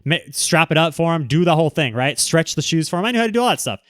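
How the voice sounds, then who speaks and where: Fast and expressive, this male livestream host has a voice on the high side as he reads out viewer comments and gives frank, rambling replies full of restarts. The recording is dry, clean studio sound.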